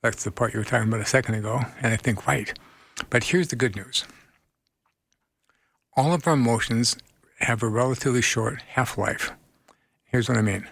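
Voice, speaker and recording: A man speaking as a guest therapist in a radio interview, earnest and animated, laughing often as he tells stories. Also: mid-range voice, a little fast, gravelly, long pauses, no echo.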